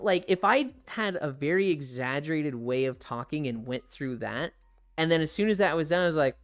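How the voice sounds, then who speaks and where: A man's voice: fairly high pitch, animated, normal speed, smooth. A man chatting candidly on a live stream, swearing freely and laughing often. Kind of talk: casual live-stream chat.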